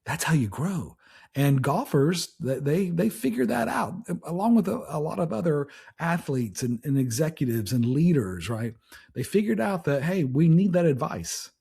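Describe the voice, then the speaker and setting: A man's voice: on the high side, big pitch swings, normal speed, creaky, warm tone, slightly rough. A man hosting a podcast, giving a casual motivational talk in a conversational way, with frequent restarts and "right?" tags. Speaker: podcast host.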